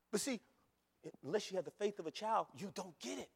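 Male preacher, high lively voice, sermon in a reverberant church. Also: a little fast, creaky, slightly rough. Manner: animated, repeats phrases, rises to shouts. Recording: long hall reverb.

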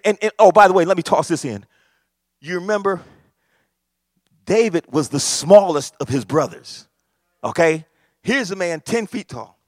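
Animated preacher, high voice. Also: male voice, no room sound, studio quality. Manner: animated, repetitive, emphatic. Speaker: pastor. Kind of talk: sermon.

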